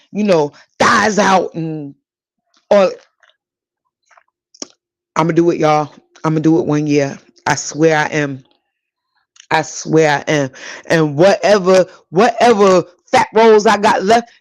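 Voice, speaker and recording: A woman's voice: lowish voice, no echo, rough recording. A woman from Brooklyn with a New York accent hosting a casual solo podcast. She talks straight to her listeners and repeats lines for emphasis. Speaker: podcast host.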